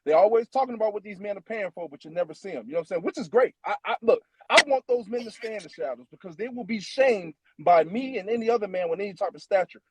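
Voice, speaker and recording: A man's voice: high voice, animated, fast talker, hardly any pauses, very noisy. A man on a livestream panel speaking bluntly and defensively, with plenty of "you know" fillers.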